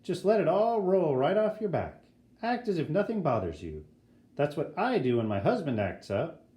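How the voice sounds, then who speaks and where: A man's voice: on the high side, sing-song, normal speed, warm tone. A man voicing a chatty, motherly woman at a school, gossipy and kindly. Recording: roomy echo.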